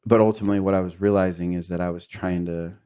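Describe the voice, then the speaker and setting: Low-voiced middle-aged man, podcast guest, candid and confessional testimony with fillers. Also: fairly even intonation, fast talker, dark tone, smooth. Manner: earnest, confessional, with frequent fillers and short laughs.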